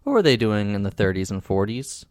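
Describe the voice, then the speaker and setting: A man's voice: fairly low pitch, very animated, a little fast, darkish tone, dry recording, studio quality. A man co-hosting a casual movie reaction commentary, rambling and joking through tangents. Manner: rambling, joking, trails into asides.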